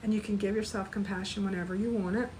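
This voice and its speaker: A woman teaching a live online spiritual class, gently guiding listeners through an energy clearing and repeat-after-me compassion phrases. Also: mid-range voice, steady tone, fast, slight background noise, poor audio.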